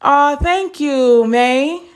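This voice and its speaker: A woman's voice: sits high, extremely slow. A young woman teaching a live math lesson, chatty and encouraging, stopping to answer viewer comments.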